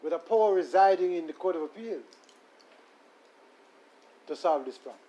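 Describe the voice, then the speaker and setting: A man, a lawyer making a deferential, measured legal argument in court and reading his submissions aloud. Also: high voice, animated, mellow, dull audio. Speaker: defense attorney.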